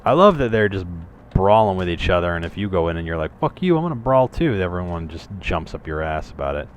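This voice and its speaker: Low-voiced guy for loose, profane let's-play commentary, wandering off on tangents, faint hiss underneath. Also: fast. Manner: rambling, profane, jokey asides. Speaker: gameplay commentator. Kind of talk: casual gameplay commentary.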